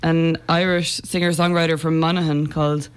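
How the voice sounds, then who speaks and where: A woman's voice: deep voice, flat delivery, normal speed, slight background noise. A woman guest on a radio show, a self-described chatterbox, bantering with the host. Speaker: musician and comedian guest. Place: radio studio.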